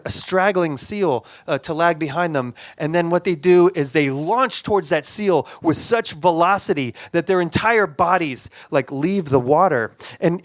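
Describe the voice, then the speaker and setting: A man telling a personal story on stage in an animated way, with many restarts and repeated words, acting out sounds and quotes with big jumps in pitch. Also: no room sound, clean studio sound. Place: stage show.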